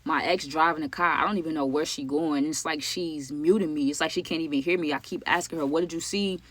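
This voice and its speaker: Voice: medium pitch, steady tone, fast, fairly bright tone, dry recording. A vlogger telling a true story in casual narration, full of "like" and "you know what I'm saying," talking straight to the viewers. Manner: talks straight to viewers as "y'all".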